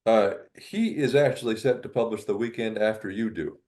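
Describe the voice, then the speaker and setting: A man's voice: fairly low pitch, moderate pace, darkish tone. A man hosting a casual interview, asking easygoing questions with small hesitations. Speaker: podcast host.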